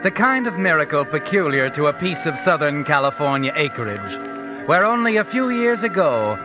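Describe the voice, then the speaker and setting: A man's voice: on the high side, sing-song, moderate pace. An actor playing a mysterious, all-knowing male narrator in a 1940s radio drama, speaking in an ominous, taunting way. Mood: wry. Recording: dull 1940s radio broadcast with music. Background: music.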